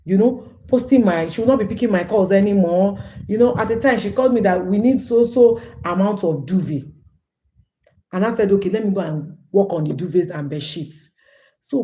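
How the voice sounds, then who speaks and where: A woman's voice: mid-range voice, warm tone. A woman from Nigeria hosting a casual livestream, chatty and storytelling, often calling her viewers "guys" and repeating phrases. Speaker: livestream host.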